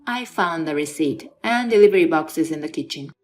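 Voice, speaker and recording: A woman's voice: sits low, lively intonation, moderate pace, faint music behind. A woman reading a stern, scolding aunt. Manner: firm and scolding. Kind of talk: dramatized story reading.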